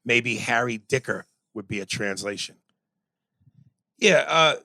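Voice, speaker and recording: A man with a bright, forceful voice co-hosts a podcast, reading listener messages aloud and judging them bluntly. His voice sits at a middling pitch and sounds close and dry, with no room around it. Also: expressive, measured pace, creaky, long pauses, dry recording. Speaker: podcast co-host. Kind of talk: casual podcast banter.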